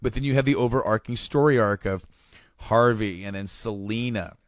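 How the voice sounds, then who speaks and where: A man's voice: fairly low pitch, moderate pace, no room sound, clean studio sound. A man hosting a podcast, recapping with rambling, enthusiastic casual chat and many restarts. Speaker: podcast host.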